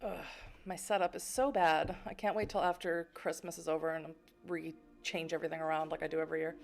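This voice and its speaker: A young woman with a lowish voice streams a story game, chatting casually and reading its narration aloud. She talks playfully, with lots of fillers and frequent laughs. Faint music plays behind her. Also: little pitch movement, fairly quick, gravelly.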